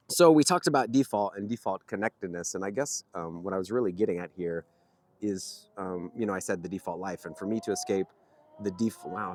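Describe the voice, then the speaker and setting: A man's voice: lowish voice, dry recording. A man vlogging outdoors near a street, telling a story casually in a rambling way with frequent chuckles. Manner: rambling, chuckling, with many fillers.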